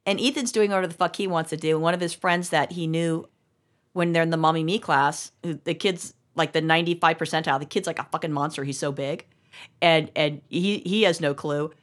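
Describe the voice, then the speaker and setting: A woman's voice: deep voice, steady tone, brisk. A woman co-hosting a podcast, telling rambling, profane stories in casual chat with frequent restarts. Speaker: podcast co-host.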